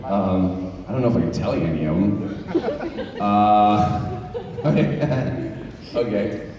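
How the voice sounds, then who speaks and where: A man's voice: on the low side, lively intonation, takes it slowly, highs cut off. A man on a convention panel, telling profane, laughing anecdotes during an audience Q&A. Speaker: voice actor panelist. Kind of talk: convention Q&A storytelling. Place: large convention hall with an audience. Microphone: distant microphone. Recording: echoey hall, distant mic, crowd.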